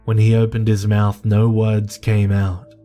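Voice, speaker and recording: Brief: low-voiced male horror narrator, very slow and measured, soft music under. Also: completely flat delivery. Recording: narration over faint music.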